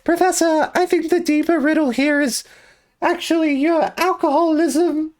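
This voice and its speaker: A man voicing an earnest, worried boy apprentice from a puzzle video game in a squeaky, strained falsetto. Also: fairly even intonation, moderate pace. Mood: pleading. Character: boyish young male apprentice, earnest and worried.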